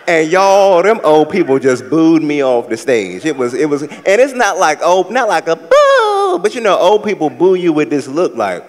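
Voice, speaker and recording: A man from the American South doing a live stand-up set, with sassy, campy storytelling and loud acted-out asides. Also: fairly high pitch, very animated, measured pace, big-room sound. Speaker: stand-up comedian. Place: large theater stage with a live audience.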